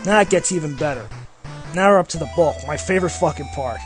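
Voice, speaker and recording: A man's voice: fairly high pitch, quick pace, faint music behind. A man ranting sarcastically over gameplay as a game reviewer, swearing constantly and sounding fed up. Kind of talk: profane gameplay commentary rant.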